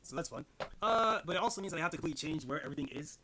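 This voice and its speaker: A man's voice: fairly high pitch, expressive, very fast, pushed and bright, slight background noise. Profane rambling male streamer. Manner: rambling and profane, thinking aloud. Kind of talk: casual live-stream chat. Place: home desk. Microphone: desk mic set farther away than usual, at an odd angle.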